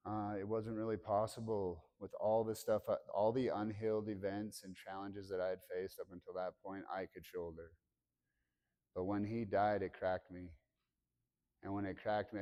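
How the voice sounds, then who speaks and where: A man in his thirties speaking candidly to students about his life, halting and full of restarts, acting out remembered conversations. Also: fairly low pitch, mellow. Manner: acts out remembered dialogue with raised voice. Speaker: motivational speaker. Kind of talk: personal story told to a student audience. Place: school hall.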